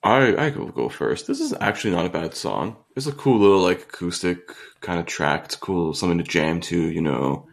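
Deep gravelly young man, rambling podcast chat. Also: expressive, moderate pace. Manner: rambling, lots of fillers like "like" and "you know". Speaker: podcast co-host. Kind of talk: casual music review chat.

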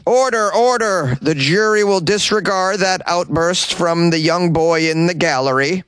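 A raspy-voiced man playing a pompous, stern courtroom judge who speaks slowly and solemnly, recorded in a small dry closet. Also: sits high, fairly bright tone, voice pushed up. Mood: mock-solemn. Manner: slow, solemn, mock-formal.

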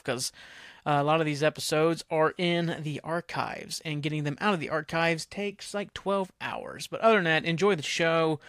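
A man hosting his own podcast from home, chatting casually in a rambling, excitable way, swearing freely and sounding tired. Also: a little high, dry recording. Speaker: podcast host. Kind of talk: casual solo podcast chat.

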